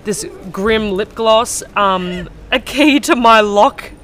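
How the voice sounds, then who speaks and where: A woman's voice: a little high, slow, fairly bright tone. A woman, hosting a casual travel vlog while walking outdoors, chatty and rambling with lots of fillers. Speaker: podcast host. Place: outdoors, walking through streets.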